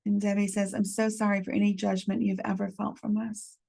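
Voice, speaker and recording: A woman leading a support group through a gentle guided reflection, calmly reading out messages from the chat. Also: mid-range voice, creaky, breathy edge. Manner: gentle, unhurried, reads chat messages aloud. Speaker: medium leading a healing workshop.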